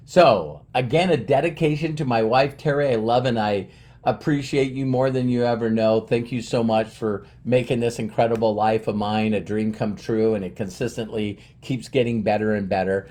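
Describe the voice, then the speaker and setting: A man's voice: mid-range voice, steady tone, normal speed, darkish tone. A man in his fifties giving an earnest, rambling motivational monologue, often restarting his sentences. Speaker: motivational speaker.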